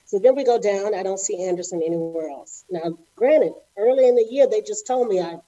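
A middle-aged woman from Houston, a former ballerina telling her story as an interview guest, animated and acting out the voices of people she quotes. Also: medium pitch, fairly quick, muffled recording. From Houston, Texas.

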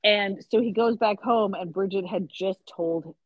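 A woman on a podcast, chatty and animated as she acts out the characters' lines. Her voice sits at a middle pitch. The recording sounds a bit dull, close and dry. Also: unhurried, no room sound. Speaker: podcast co-host. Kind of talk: casual chat recapping a mystery novel.

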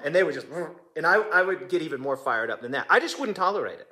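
High, forceful impassioned preacher man. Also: expressive, quick pace. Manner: impassioned and emphatic, repeating phrases for effect. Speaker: pastor. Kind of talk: sermon.

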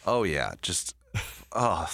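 A man's voice: deep voice, very animated, slow pace, creaky, sharp tone, dry recording. A man in his thirties chatting casually, reacting eagerly and cracking jokes. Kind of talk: casual chat.

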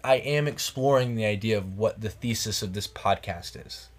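A man's voice: lowish voice, moderate pace. A man hosting a podcast in casual late-night chat, rambling and reflective, restarting his sentences, a few drinks in. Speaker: podcast host. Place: cabin in the woods.

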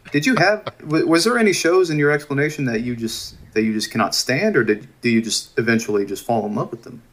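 A man's voice: medium pitch, lively intonation, fast talker, a little hiss or hum. A man co-hosting a casual podcast chat, teasing and asking rambling questions. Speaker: podcast co-host.

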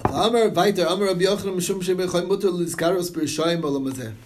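Animated man teaching a text. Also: high voice, fast talker, a little hiss or hum. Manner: reads Hebrew and Aramaic text aloud then explains it in English, animated. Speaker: Talmud study teacher. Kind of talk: Talmud study class, reading and translating.

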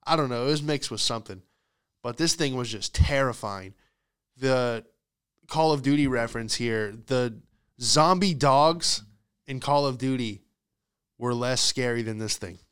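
A man hosting a podcast who tells a comedic story in a profane, exasperated, animated ranting style. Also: mid-range voice, measured pace, clear, resonant tone. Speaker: podcast host.

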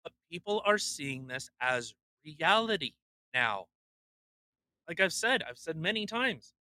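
A man co-hosts a casual podcast in a high, very bright voice, ranting bluntly with plenty of swearing. He slips into mocking impressions of other people. The sound is close and dry. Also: no room sound. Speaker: podcast co-host; truck driver.

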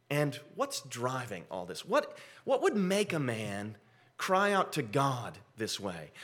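Bright-voiced man preaching earnestly. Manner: earnest, emphatic preaching with rhetorical questions; swings from soft to loud and high for emphasis. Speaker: pastor. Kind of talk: expository sermon.

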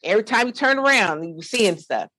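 A middle-aged woman, the founder of a nonprofit, tells her own story to a panel in an animated, preacherly way. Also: mid-range voice, quick pace, a crowd in the background. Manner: animated, lively storyteller, preacherly call-and-response.

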